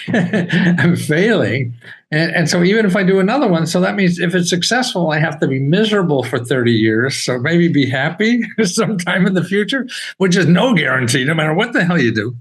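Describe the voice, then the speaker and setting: An older man talking as a podcast guest, animated and laughing often, with his voice jumping high when he gets excited. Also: normal speed, husky, rough recording. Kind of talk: casual interview talk.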